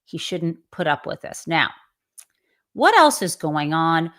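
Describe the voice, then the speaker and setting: A woman's voice: deep voice, big pitch swings, takes it slowly, a bit bright. A woman hosting a live commentary show, talking with emphatic indignation and frequent fillers. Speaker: host.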